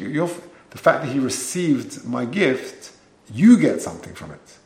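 Gravelly man teaching a Torah class. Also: medium pitch, big pitch swings, measured pace, darkish tone, echoey room. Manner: explains each Hebrew phrase in English, with frequent restarts.

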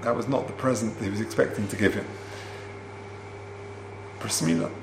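A man teaching a Torah class, explaining Hebrew terms and telling a story in an unhurried way with many fillers. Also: on the low side, steady tone, creaky. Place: classroom, also streamed online. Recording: roomy with faint hum.

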